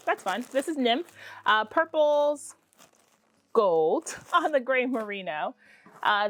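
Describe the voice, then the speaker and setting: A woman hosting a casual crafting vlog, talking in a chatty, excitable way with self-deprecating asides. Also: medium pitch. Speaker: podcast host.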